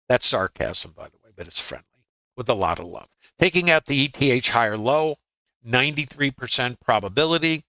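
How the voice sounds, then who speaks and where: A man's voice: mid-range voice, lively intonation, normal speed, sharp tone, dry recording, rough recording. An older man teaching a live trading webinar, talking conversationally with dry humor and frequent filler words. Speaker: trading educator.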